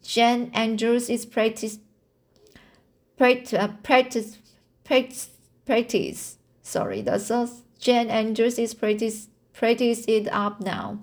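A woman's voice: a little high, slow, a little mellow. A woman reading aloud the lines of a young girl pleading with her best friend, stumbling and restarting often.

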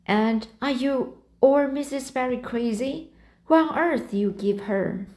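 A strict older woman demands answers in a firm, scolding voice, as a woman reads her lines. She speaks at an unhurried pace. It is a storybook reading. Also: high-pitched, a little mellow, pitched above the performer's own voice. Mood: stern.

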